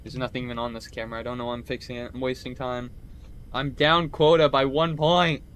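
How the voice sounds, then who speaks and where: A man's voice: mid-range voice, little pitch movement, fairly quick, a bit bright, a little hiss or hum. A young man chatting casually during a game stream, rambling, swearing and laughing often. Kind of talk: casual gaming stream chat.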